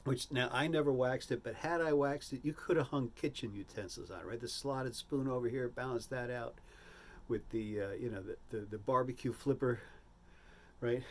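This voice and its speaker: An older man telling a humorous personal story in a rambling, animated way, full of asides and restarts. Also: medium pitch, moderate pace.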